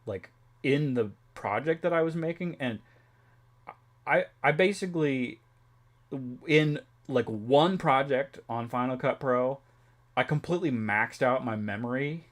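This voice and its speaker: Young guy rambling on a stream, mid-pitched voice, lots of likes and laughs. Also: a little slow. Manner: rambling, laughing, many fillers and restarts. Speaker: streamer chatting with viewers. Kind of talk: casual chat.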